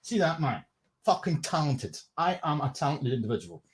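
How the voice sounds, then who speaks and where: Scottish man, livestream host, sarcastic, sweary, mid-pitched voice. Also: sing-song, normal speed, husky. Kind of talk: casual livestream commentary.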